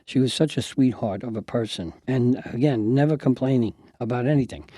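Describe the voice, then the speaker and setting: An older man from New York who hosts a podcast and tells family stories as an animated storyteller, acting out the people in his anecdotes. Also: mid-range voice, brisk, slightly rough, no echo. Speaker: podcast host.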